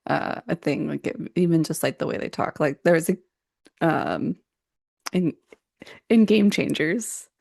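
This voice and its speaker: Woman with a gravelly low voice, chatty, lots of "like", dead dry sound. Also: unhurried, long pauses, a little mellow, dry recording. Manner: chatty, many "like" fillers, storytelling. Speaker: writer, podcast co-host. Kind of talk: casual podcast chat.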